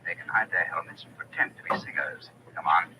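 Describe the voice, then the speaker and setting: A man voicing a confident detective who gives crisp orders, in a 1940s-style radio play. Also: low-pitched, very noisy, natural voice. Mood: wry. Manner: crisp, commanding, fast-talking. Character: confident detective directing a police raid.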